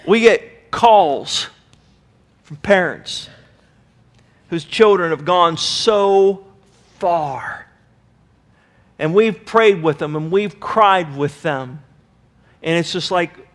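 High-voiced impassioned male pastor. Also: slow pace, long pauses, fairly bright tone. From United States. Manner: impassioned preaching, acting out quoted voices. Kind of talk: sermon.

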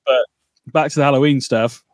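A man's voice: mid-range voice, fairly even intonation, moderate pace, no echo, clean studio sound. Rambling, chatty man. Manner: rambling, laughing, mock-outraged banter. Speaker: podcast co-host. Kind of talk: casual chat.

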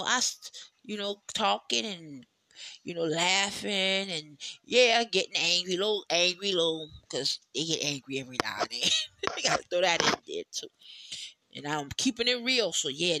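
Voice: medium pitch, expressive, moderate pace, pushed and bright. A podcast host telling loose stories in a casual solo chat, swearing freely, laughing often and rambling through lots of "you know"s. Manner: loose, chatty storytelling with swearing and frequent laughs; talks in rambling asides with many "you know"s.

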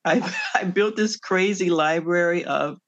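A woman's voice: fairly low pitch, measured pace. Woman, middle-aged, author guest, chatty storyteller, frequent laughter, muffled lo-fi sound. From Midwestern United States. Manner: laughs often, animated storytelling. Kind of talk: conversational interview answers. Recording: dull lo-fi audio.

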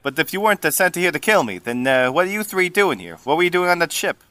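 A man voicing a hot-headed sailor with a put-on New Jersey Italian accent, brash and quick to threaten. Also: a little high, sing-song, bright, forceful tone, no room sound, pitched above the performer's own voice. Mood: blustering.

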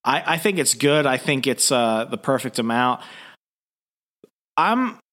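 A man's voice: medium pitch, animated, unhurried, fairly bright tone. A man hosting a comic book podcast, chatting casually with frequent restarts and fillers. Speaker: podcast host.

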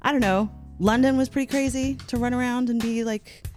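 A woman's voice: fairly high pitch, steady tone, brisk, over music. A Canadian woman chatting as a podcast guest, telling a story with lots of laughs and likes. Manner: laughs often, rambling with many likes. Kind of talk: casual storytelling chat.

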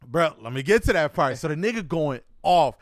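An American man telling a story in a casual chat, animated and acting out what people said. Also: a little high, dry recording, clean studio sound. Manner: animated, acts out quotes, fast with frequent "right?". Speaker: storyteller guest.

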